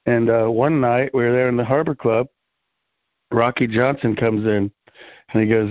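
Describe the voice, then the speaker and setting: A middle-aged man tells loose, rambling stories in a relaxed interview, leaning on fillers and easy slang. His voice sits at an ordinary pitch. The recording is dry and a little dull, like lo-fi audio. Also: moderate pace, dry recording. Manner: rambling, laid-back, full of fillers and slang. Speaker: interview guest, former wrestling promoter. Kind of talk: casual storytelling interview. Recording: slightly dull, dry lo-fi sound.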